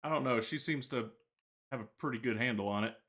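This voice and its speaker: A man's voice: medium pitch, fast, fairly bright tone. A man co-hosting a podcast in casual chat, joking and telling anecdotes. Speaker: podcast co-host.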